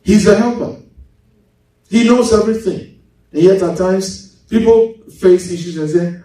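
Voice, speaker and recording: A man preaching a sermon as pastor, lively, going from loud to hushed and laughing as he tells stories. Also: high-pitched, moderate pace. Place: church. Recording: echoey church hall, mic at a distance.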